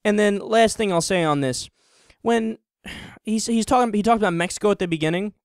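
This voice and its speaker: A man's voice: high voice, fairly quick, smooth, no room sound, clean studio sound. A man giving online political commentary in a sarcastic, mocking and profane ranting manner.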